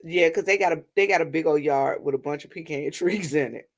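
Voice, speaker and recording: A woman's voice: sits low, a little fast. A middle-aged woman, chatting and rambling to her viewers in a casual vlog. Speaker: vlogger. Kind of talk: casual storytelling vent to viewers.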